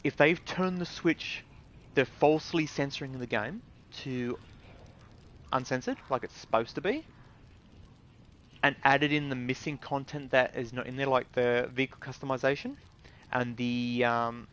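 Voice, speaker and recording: A man's voice: medium pitch, a little slow, pauses often, a bit bright. A man with an Australian accent giving a casual, indignant gaming rant in blunt words with swearing. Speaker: gaming video creator. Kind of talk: casual ranting commentary.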